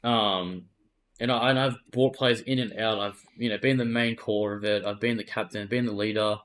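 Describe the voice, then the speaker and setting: A man's voice: lowish voice, steady tone, moderate pace, a bit bright. An Australian man, an esports player, candidly retelling events in a casual interview and swearing freely.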